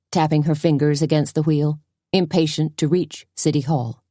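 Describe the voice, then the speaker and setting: A woman narrating a cozy mystery audiobook in an even, measured storytelling manner. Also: low-pitched, no echo, studio quality.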